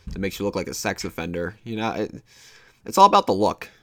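A young man hosts his own podcast, rambling casually through loose, meandering thoughts with many fillers. He talks fast in a lowish, sing-song voice, and the recording is dry.

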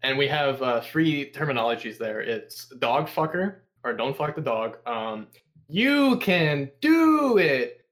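A man's voice: mid-range voice, normal speed, few pauses. A young man tells stories as a podcast guest in a casual, profane ramble. He leans on sarcasm and jumps into mock voices of coworkers as he talks. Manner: sarcastic, swears constantly, animated impressions.

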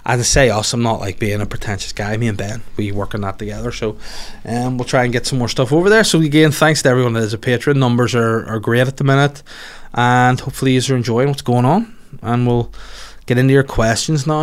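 A man's voice: medium pitch, steady tone, a little fast. A man in his forties with a Northern Irish accent, hosting a solo podcast in rambling, sweary, self-mocking casual chat. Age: 40s. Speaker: podcast host.

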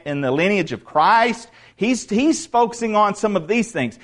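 A man's voice: high voice, fairly bright tone. A male pastor preaching a sermon in an emphatic way, repeating words for stress.

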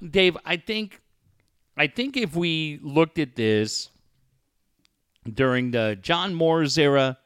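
A man's voice: fairly high pitch, a bit bright, no echo, clean studio sound. A man co-hosting a podcast in casual chat, swearing often and acting out the people in his stories. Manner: profane storyteller, acts out quoted voices. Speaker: podcast co-host.

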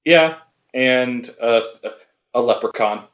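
A man co-hosting a casual comic book podcast, wry and a little halting in his speech. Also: medium pitch, fairly bright tone, reverberant. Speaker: podcast co-host.

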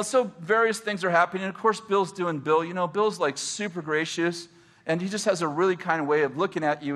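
A middle-aged man, a pastor, telling stories in a casual, animated way and laughing often as he talks. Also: high voice. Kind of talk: casual storytelling.

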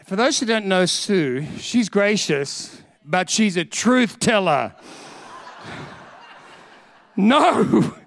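A man preaching a sermon, telling a story with animated acted-out voices and frequent laughter. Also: high voice, slow pace, hardly any pauses. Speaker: pastor.

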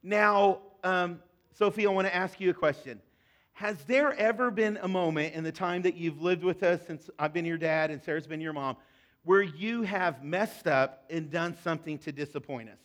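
A middle-aged male pastor delivers a sermon from a church stage, his voice pitched noticeably high. He talks earnestly to the congregation, sinking into soft, hushed passages and then building to loud, emphatic peaks. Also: normal speed.

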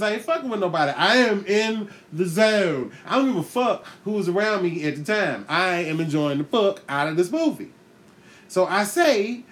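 Give me a profane man hosting a podcast, telling a comic story with lots of laughs, pitch bouncing all over. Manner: profane, animated, laughs often, acts out voices. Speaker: podcast host. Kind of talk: comedic storytelling monologue.

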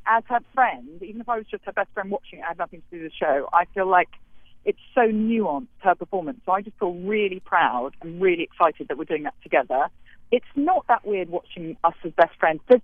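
A woman's voice: mid-range voice, no echo. A woman actress, chatting in an interview about her show, self-deprecating and rambling with restarts, talking from a street. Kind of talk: casual interview chat. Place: outdoors on a street. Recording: tinny phone line.

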